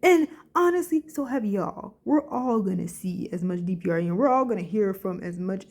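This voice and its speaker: A woman's voice: medium pitch, mellow. A woman vlogger giving casual, rambling reaction commentary into her phone, short of breath and emotional, full of fillers.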